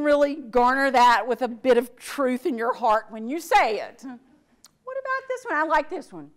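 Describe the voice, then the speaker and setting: Lively high-voiced woman teaching a class. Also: normal speed. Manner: animated, acts out sample phrases. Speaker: workplace trainer. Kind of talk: lecture to a class.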